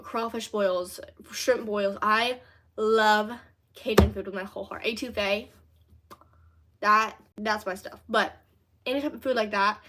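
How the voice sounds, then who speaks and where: A woman's voice: mid-range voice, fairly bright tone. A teenage girl from Louisiana chatting casually on her livestream, answering comments in a chatty, rambling way full of fillers. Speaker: livestream host.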